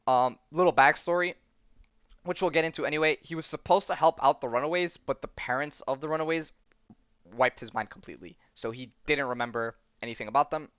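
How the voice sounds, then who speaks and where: Rambling young man with a smooth voice. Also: on the high side, a little fast, a bit bright, no room sound. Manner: rambling and enthusiastic, frequent ums and restarts, slangy. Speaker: podcast host. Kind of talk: casual comic book recap. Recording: dull lo-fi sound, dry.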